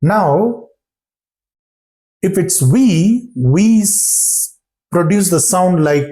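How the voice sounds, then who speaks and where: A man teaches pronunciation at a very slow, careful pace, going over each example phrase several times. His voice has a mellow, darker tone. He keeps checking in with his listeners and encouraging them. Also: high-pitched, lively intonation. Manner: repeats phrases and checks understanding with "got it?". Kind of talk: slow, deliberate classroom explanation.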